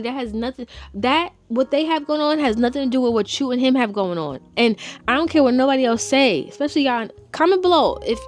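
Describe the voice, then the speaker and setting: Brief: young woman vlogger, fairly high voice, sassy and exasperated, soft music under her. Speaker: TV review vlogger. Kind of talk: casual chat.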